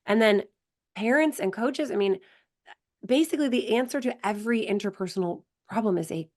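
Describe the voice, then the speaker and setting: A woman's voice: fairly high pitch, fairly quick, a little mellow. A woman hosting a podcast as a performance coach, speaking in a thoughtful, reflective way. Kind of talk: podcast conversation.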